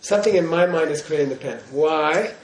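A man's voice: a little high, a little fast. A man giving a Buddhist teaching in class, in a playful way, often checking in with his listeners. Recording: roomy hall echo.

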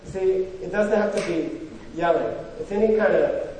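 A man's voice: sits high, normal speed, mellow, slight background noise. A man giving an informal spiritual talk, chatty and full of rhetorical questions and "you know". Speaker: spiritual teacher. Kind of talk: informal lecture. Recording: echoey hall from far off.

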